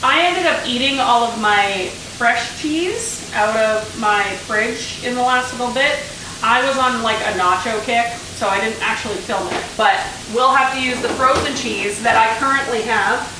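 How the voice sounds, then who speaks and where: A Canadian woman with a slightly high voice chats casually at a moderate pace in a home cooking vlog, rambling through asides as she cooks in her kitchen. The recording is very echoey with the mic far away, and food sizzles and fries on a grill pan in the background.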